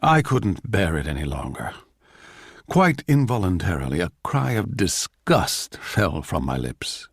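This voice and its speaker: Low-voiced man narrating with theatrical swings. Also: big pitch swings, husky, dry recording, clean studio sound. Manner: measured, urbane, theatrical. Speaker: actor reading as narrator. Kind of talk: scripted dramatic narration.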